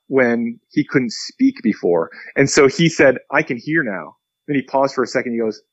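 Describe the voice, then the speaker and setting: An earnest man, a pastor, tells a story in a podcast interview and voices the people in it as he goes. His voice sits at a middle pitch. The recording is dry and a little muffled. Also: normal speed, no echo. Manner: earnest, animated storyteller acting out quotes.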